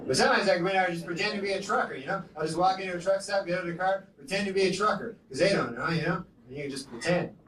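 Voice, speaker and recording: A man doing a stand-up comedy set with a rambling, deadpan delivery full of "you know"s, from a comedy club stage with the audience laughing. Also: high-pitched, very fast, hardly any pauses, distant mic, noisy background. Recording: echoey live club recording with loud crowd laughter.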